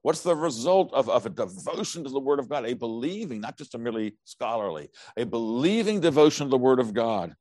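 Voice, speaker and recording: A middle-aged man preaching a sermon, animated and humorous, acting out biblical characters as he tells their stories. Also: mid-range voice, a little fast, hardly any pauses, no room sound. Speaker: pastor.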